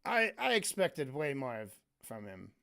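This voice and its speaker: A man's voice: mid-range voice, huge pitch swings, a little slow, gravelly, sharp tone. A man streaming a casual commentary rant, exasperated and sarcastic, swearing often.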